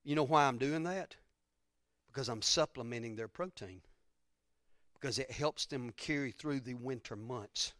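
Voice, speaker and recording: A man's voice: medium pitch, moderate pace, fairly bright tone, dry recording, studio quality. A man preaching a sermon in a church, folksy and rambling, with repeated phrases and asides to the congregation. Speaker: pastor. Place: church sanctuary.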